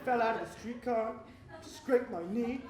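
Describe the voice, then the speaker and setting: An actor playing a sad, needy, self-pitying husband in a live comic stage monologue, grumbling and then bursting into shrill yelling. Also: male voice, unhurried, heavy background noise. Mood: glum. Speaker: stage comedy performer. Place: theatre stage with a live audience. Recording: echoey live stage recording with crowd and music.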